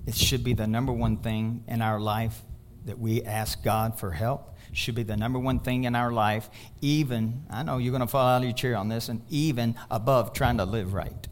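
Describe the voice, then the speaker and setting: A male pastor preaching a sermon, swinging from loud exhortation to hushed asides. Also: mid-range voice, fairly even intonation, moderate pace.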